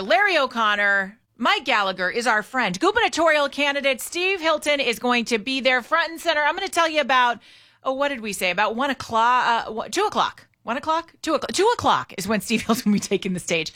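A woman's voice: a little high, sharp tone. A woman hosting a morning talk radio show, upbeat and chatty with her guest. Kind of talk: casual talk radio chat.

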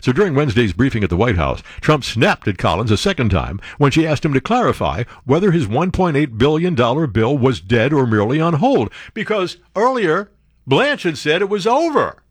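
A man hosting a show, reading news stories aloud and breaking off into sarcastic, wisecracking asides and animated outbursts. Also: mid-range voice, brisk, husky, dry recording, studio quality. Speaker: show host. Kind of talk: reading news with running commentary.

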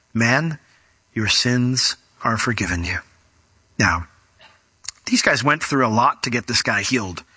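Bright, animated male preacher. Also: fairly high pitch, dry recording. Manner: conversational, animated, acts out scenes. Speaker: pastor. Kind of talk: sermon with storytelling.

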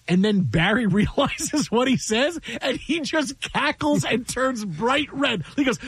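High-voiced man telling a radio story. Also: moderate pace, breathy edge, no room sound. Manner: animated storyteller, acts out quotes, laughs often. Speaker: sports radio host. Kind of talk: casual sports radio chat. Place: radio studio. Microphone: studio mic.

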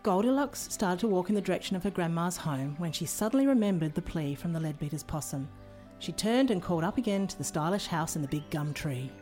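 A woman's voice: fairly low pitch, expressive, fairly quick, soft background music. A woman narrating a children's story in a storybook manner. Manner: warm storybook reading.

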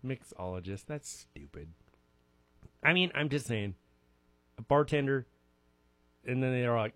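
A man's voice: mid-range voice, expressive, unhurried, pauses often, a bit bright, dry recording. Jokey rambling male radio host. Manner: jokey, self-mocking, rambling. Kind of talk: casual rambling radio chat. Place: radio studio.

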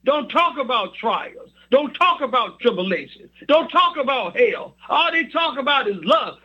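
High-voiced man preaching a sermon. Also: big pitch swings, unhurried, few pauses, sharp tone, slightly rough, highs cut off. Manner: emphatic, repetitive preaching with scripture reading.

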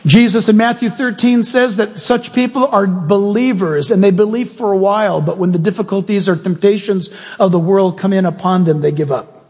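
A male pastor preaching a sermon in an animated, jokey way, often asking the congregation questions. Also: high-pitched, slightly rough, in a large hall.

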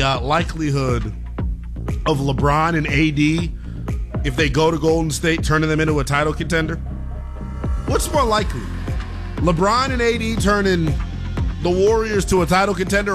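A man hosting a sports talk radio show, brash and joking, hyping his segments. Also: high-pitched.

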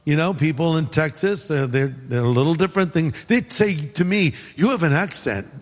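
A man's voice: fairly high pitch, lively intonation, moderate pace, in a large hall. A man from California preaching a sermon in a conversational way, with humorous asides. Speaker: pastor.

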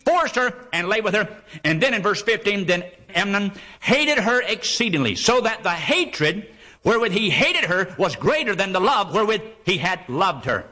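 A male preacher with a high, bright voice that swoops up and down as he preaches. He reads old scripture aloud and throws out emphatic questions, then answers them himself. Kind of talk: sermon with scripture reading.

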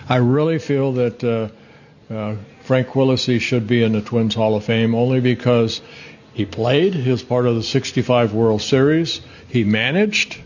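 A man in his seventies from the Netherlands, a former pitcher telling rambling, self-correcting stories in an interview. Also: darkish tone, muffled recording, slight background noise. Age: 70s. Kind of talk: casual storytelling interview.

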